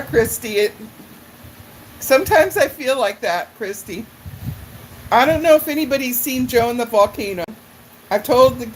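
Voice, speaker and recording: A middle-aged woman with a somewhat high voice chats her way through viewer comments on her live stream, calling people by name and wandering from story to story. She takes her time, talking at an unhurried, drawn-out pace. A faint hiss of noise sits under her voice. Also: low-quality recording. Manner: chatty and rambling, addresses viewers by name. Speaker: livestream host. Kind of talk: casual chat answering viewer comments.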